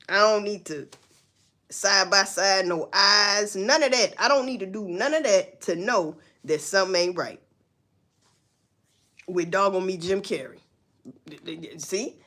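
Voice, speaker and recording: A woman's voice: mid-range voice, measured pace, long pauses, pushed and bright. A woman hosting a livestream, ranting bluntly and profanely with rhetorical questions. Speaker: livestream host. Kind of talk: casual livestream commentary.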